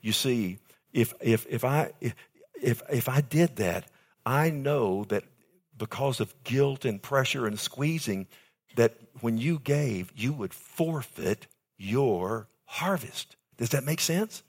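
An older man preaching a sermon as pastor, calling out to his congregation and stretching key phrases slowly for emphasis. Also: expressive, slightly rough. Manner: emphatic preaching with sudden high pitch jumps and slowed key phrases; calls out to congregation with "amen" and "loved one".

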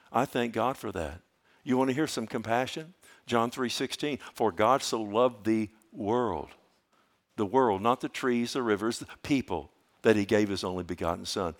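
A middle-aged man preaching a sermon as a pastor, swinging from loud urgency to hushed storytelling and repeating phrases for emphasis. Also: on the low side. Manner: repeats phrases, with filler restarts.

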